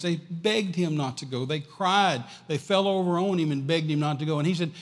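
Male preacher, emphatic and repetitive, higher voice, in a reverberant church hall. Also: brisk, hardly any pauses. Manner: emphatic, repetitive, swings between loud and quiet. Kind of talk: sermon.

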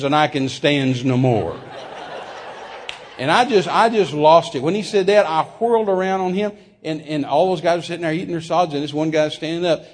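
A man preaching, telling a story in a folksy, humorous and animated way with sudden loud outbursts. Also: on the high side, slight background noise. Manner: animated, folksy, acts out quotes with sudden shouts; humorous, laughs at his own stories. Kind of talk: sermon storytelling.

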